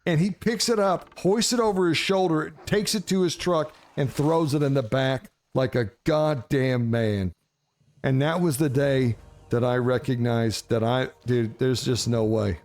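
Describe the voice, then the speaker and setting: Profane animated storytelling man. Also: medium pitch, measured pace. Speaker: streamer telling a story. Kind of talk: casual storytelling.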